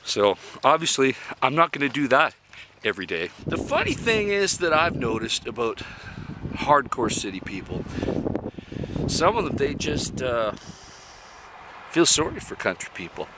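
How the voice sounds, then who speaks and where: Blunt, folksy man with a lively voice. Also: mid-range voice, a little slow, long pauses, very noisy. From Canada (Yukon). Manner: blunt and folksy, chuckling at his own jokes. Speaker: vlogger living in an RV. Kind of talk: casual opinionated monologue.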